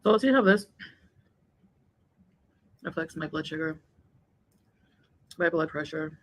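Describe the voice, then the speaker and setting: A woman's voice: low voice, measured pace, slight background noise, low-quality recording. A woman chatting casually in a vlog while eating, rambling and laughing often. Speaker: vlogger.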